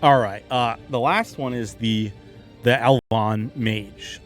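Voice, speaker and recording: A man narrating a tabletop game as game master, animated and quick to laugh. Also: mid-range voice, faint music behind.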